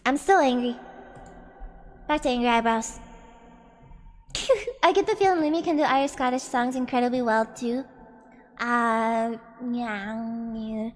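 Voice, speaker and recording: A woman's voice: fairly high pitch, unhurried, long pauses, long reverb tail. A woman streamer chatting playfully with her chat between karaoke songs. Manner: chatty, reads chat aloud, playful complaints. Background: karaoke backing track.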